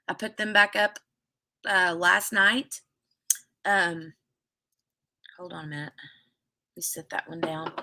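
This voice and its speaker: A woman's voice: medium pitch, pushed and bright. A woman hosting a casual craft livestream, chatting in a rambling, storytelling way and reading viewer comments aloud.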